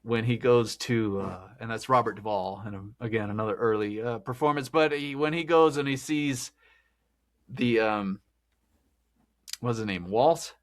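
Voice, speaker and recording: A man's voice: mid-range voice, unhurried. A man hosting a podcast, talking through a film in a rambling, chatty way and laughing often. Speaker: podcast host. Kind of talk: casual film discussion.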